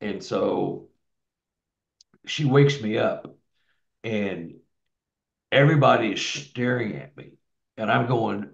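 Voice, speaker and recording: A man's voice: medium pitch, lively intonation, unhurried, vocal fry, long pauses. A man telling a long personal story in a rambling, casual way, with many restarts and repeated words. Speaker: guest telling his experiences. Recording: echoey, dull lo-fi sound.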